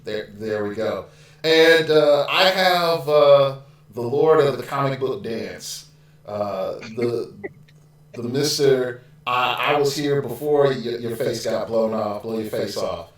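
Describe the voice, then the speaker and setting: A man's voice: medium pitch, slow, heavy reverb, slight background noise. A man hosting a casual gaming podcast, chatty and loose, with a glitch that makes his audio sound robotic. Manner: loose and chatty, lots of fillers. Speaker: podcast host.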